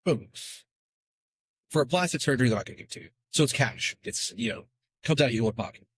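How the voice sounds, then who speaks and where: A man explaining as a podcast guest in a rapid, chatty way, full of fillers. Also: mid-range voice, expressive, breathy edge, dry recording. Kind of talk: fast casual explanation.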